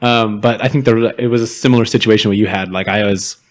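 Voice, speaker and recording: A man with a fairly low voice, chatting casually as a podcast co-host. He talks openly and laughs at himself as he tells personal stories. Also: fairly even intonation, quick pace. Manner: open, laughing, self-deprecating storytelling. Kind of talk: casual chat.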